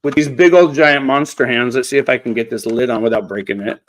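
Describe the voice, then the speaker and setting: A man's voice: mid-range voice, fast, a little hiss or hum, poor audio. A man hosting a casual craft live stream, chatty and repeating words as he talks. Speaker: craft channel host.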